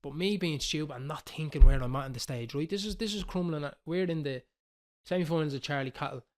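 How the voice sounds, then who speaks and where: Fast-talking Dublin man telling stories. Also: on the high side. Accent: Dublin Irish. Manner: animated, swearing, quoting others. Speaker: podcast host. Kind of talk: casual storytelling.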